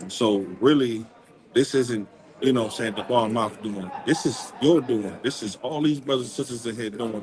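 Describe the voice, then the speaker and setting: A man's voice: on the low side, low-quality recording. A man being interviewed as a community organizer, talking in an emphatic, preacher-like way and repeating his phrases. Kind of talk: impassioned street interview.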